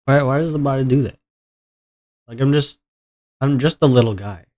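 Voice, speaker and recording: A man's voice: medium pitch, moderate pace, darkish tone. A man streaming live with a stuffy nose from allergies, chatting casually and complaining in a rambling, melodramatic way.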